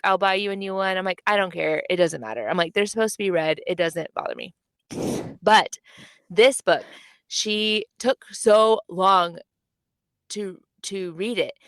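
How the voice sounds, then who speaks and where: A young adult woman co-hosting a casual book podcast, telling stories with lively acted-out quotes. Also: clear, resonant tone, no room sound. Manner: animated storytelling, acts out quotes with big pitch jumps. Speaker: podcast co-host. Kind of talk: casual chat.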